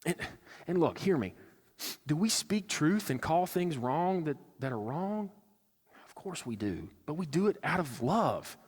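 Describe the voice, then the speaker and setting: A man's voice: on the high side, big pitch swings, measured pace, breathy edge. A male pastor preaching a sermon, earnest and conversational, slipping into acted-out asides. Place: church sanctuary. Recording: church hall with long reverb.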